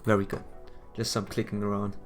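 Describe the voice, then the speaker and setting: A low-voiced man with a hoarse, worn voice chats casually with viewers while streaming a game. He sounds relaxed and friendly, and faint music plays underneath. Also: fairly quick. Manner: laid-back, chatty with viewers. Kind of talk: casual live stream commentary.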